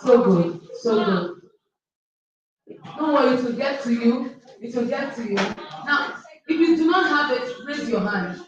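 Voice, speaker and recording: A woman's voice: on the high side, expressive, measured pace, long pauses, heavy reverb, recorded from a distance, dull audio, background noise. Encouraging woman addressing students. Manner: encouraging, repeats herself, addresses students directly. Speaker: workshop organizer.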